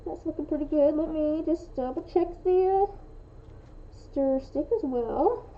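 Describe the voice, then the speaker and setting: A woman's voice: high voice, measured pace, lo-fi sound. A young woman from the western United States, rambling casually with many restarts while crafting on a livestream, often dropping the g in -ing endings. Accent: western American. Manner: rambling, thinks aloud with many restarts and fillers. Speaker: streamer making resin dice.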